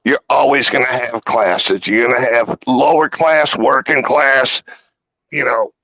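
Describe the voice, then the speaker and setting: Bright, dry-voiced rambling male guest. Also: mid-range voice, a little slow, no echo, poor audio. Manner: rambling and folksy, with casual swearing. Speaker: debate guest. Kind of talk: casual live-stream debate.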